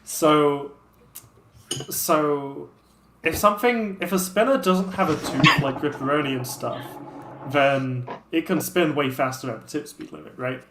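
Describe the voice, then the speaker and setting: A young man with a British accent talks in quick, excitable bursts and laughs often. His voice sits slightly high. The sound is roomy and echoey, with a faint hiss underneath. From United Kingdom. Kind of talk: casual chat. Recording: roomy echo.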